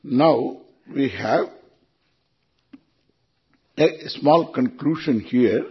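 Slow-talking Indian man teaching scripture. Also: medium pitch, expressive, husky, dull audio. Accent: Indian English. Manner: unhurried, chuckling, chants Sanskrit verses. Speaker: spiritual teacher. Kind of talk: scripture lecture.

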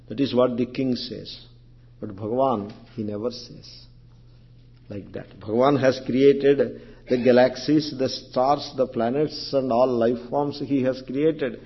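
A man's voice: medium pitch, fairly even intonation, a little slow, husky. A man teaching a scriptural lecture class, explaining terms one by one and often repeating or restarting his phrases. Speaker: spiritual teacher. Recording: dull lo-fi recording.

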